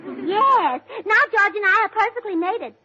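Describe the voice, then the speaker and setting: A woman co-hosting a 1940s radio comedy, scatterbrained, bubbly and excitable. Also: extremely high pitch, a little slow. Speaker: comedy show co-host. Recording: muffled old radio transcription with hiss.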